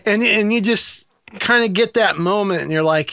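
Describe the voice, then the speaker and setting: A man's voice: sits high, normal speed, gravelly, bright, forceful tone, dry recording. A man who preaches, rambling through jokes and stories in casual banter. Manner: joking, rambling storyteller. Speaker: preacher and guest.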